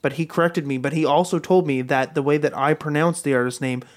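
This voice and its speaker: A man's voice: fairly high pitch, steady tone, brisk. A man hosting a radio show in casual banter, wry and teasing, at a studio microphone. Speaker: radio host.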